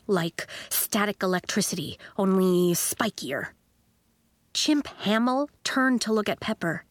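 A woman of medium pitch reads aloud from a children's audiobook, storytelling expressively and voicing every character in her own way. The recording is free of echo.

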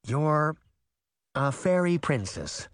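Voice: mid-range voice, sing-song, slow pace, no echo, clean studio sound. A reader voicing a fierce, protective mother who speaks firmly and commandingly, read as an audiobook. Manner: firm and commanding. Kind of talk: audiobook reading.

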